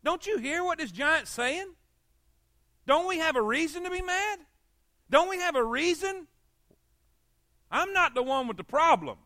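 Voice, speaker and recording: A Southern preacher voicing a brave young shepherd who speaks earnestly and indignantly. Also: male voice, extremely high pitch, wildly swooping pitch, fast talker, few pauses, sharp tone, no room sound, studio quality, exaggerated voice.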